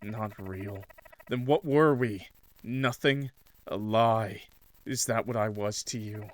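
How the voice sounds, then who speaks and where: A man's voice: slow, no echo. A man voicing a bitter, accusing ghost. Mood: resentful. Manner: low, accusing, resentful.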